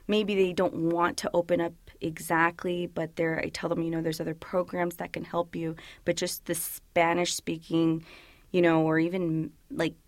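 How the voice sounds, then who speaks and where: A woman's voice: on the low side, dry recording. A woman police officer whose parents are from El Salvador, chatting freely in an interview with lots of "you know" and acted-out quotes. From United States, parents from El Salvador. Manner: chatty, many fillers, acts out quoted people. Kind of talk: casual interview answers.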